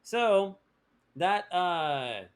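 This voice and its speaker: A man's voice: high voice, lively intonation, very slow. A man teaching a language lesson on a live stream, playful and joking, with many fillers and restarts.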